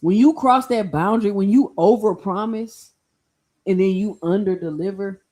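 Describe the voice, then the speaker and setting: A woman hosting a casual boxing livestream, talking in an opinionated, animated way and speaking straight to her chat. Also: medium pitch, normal speed. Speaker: livestream boxing talk host.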